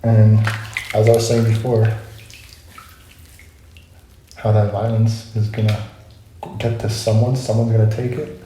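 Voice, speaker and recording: A man's voice: lowish voice, little pitch movement, normal speed, dark tone. A young man telling a personal story in a casual vlog, rambling, correcting himself and reflecting as he goes. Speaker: vlogger. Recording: very echoey room, faint noise.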